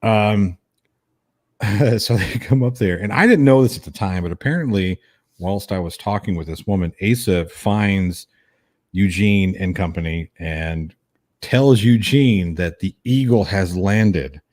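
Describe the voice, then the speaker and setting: A man's voice: sits low, unhurried, no room sound. A man hosting a casual stream, telling a rowdy story with lots of swearing and laughter. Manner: animated, profane, laughing storyteller. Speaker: host.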